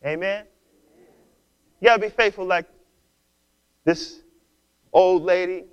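A man's voice: sits high, fairly bright tone, clean tone, low-quality recording. A man preaching a sermon with call-and-response questions and playful asides to the congregation. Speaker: pastor.

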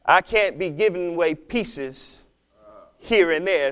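Man, pastor, sermon, call-and-response, high voice, smooth resonant tone. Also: slow pace, a bit bright, poor audio. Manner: call-and-response preaching, playful asides.

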